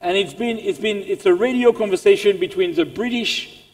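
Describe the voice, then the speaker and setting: A man with a French accent giving an animated motivational business talk to staff. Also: high-pitched, normal speed. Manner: animated, repeats words as he restarts. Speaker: keynote speaker. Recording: long reverb in a large hall.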